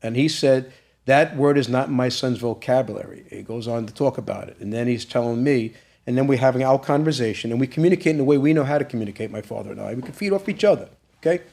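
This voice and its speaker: A man's voice: mid-range voice, quick pace, gravelly, warm tone. Intense man retelling a story. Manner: retells events with acted-out quoted dialogue, growing intense and emphatic. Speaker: interview guest. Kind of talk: emotional storytelling in a podcast interview.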